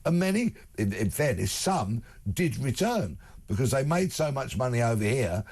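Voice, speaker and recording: A husky-voiced man holds forth as a guest on a studio talk show. His pitch swings widely as he presses each point, and he piles up examples in long, insistent lists. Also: big pitch swings, normal speed, darkish tone. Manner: emphatic, builds long spoken lists. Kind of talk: talk radio discussion. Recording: broadcast studio.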